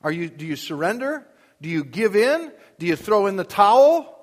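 A man's voice: high voice, sing-song, normal speed. A man preaching a sermon in a church, pressing his point with rhetorical questions and rising emphasis. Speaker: pastor. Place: church with a sound booth. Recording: long hall reverb.

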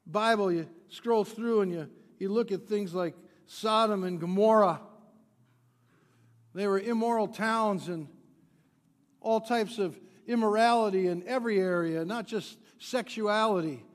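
A male pastor delivering a sermon, swinging from loud emphatic peaks to quiet low drops, with playful asides to the congregation. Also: unhurried. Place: church sanctuary. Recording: long church hall reverb.

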